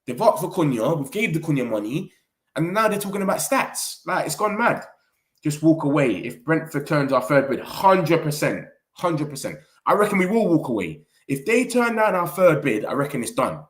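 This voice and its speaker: A young man with a British English accent in a casual, animated chat as a football vlogger, full of slang and quick asides. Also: a little high.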